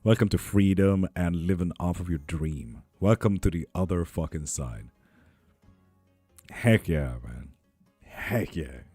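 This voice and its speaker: A young man chatting casually on a live stream, reading viewer comments, relaxed, swearing freely and cheering people on, a little ill and foggy. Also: sits low, unhurried, slightly rough, no room sound, faint music behind. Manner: laid-back, swears freely, upbeat cheering. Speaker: live tarot and spell streamer.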